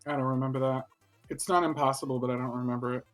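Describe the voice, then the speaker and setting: A man's voice: medium pitch, steady tone, fast, faint music behind. A man co-hosting a podcast, casually discussing an anime and skeptically teasing his partner. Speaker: podcast co-host.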